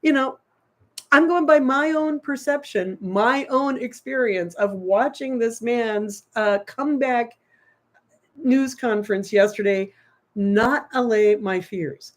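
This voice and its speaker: A woman's voice: a little high, slow pace. A woman co-hosting a political talk show, arguing her side emphatically and repeating her point. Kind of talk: casual political debate.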